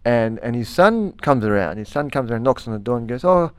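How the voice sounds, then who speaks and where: A young man with an Australian accent, a guest in an interview, tells his story casually, rambling with many restarts and turning lively when he quotes others. His mid-range voice is fairly quick, clear, and resonant, and the recording is dry.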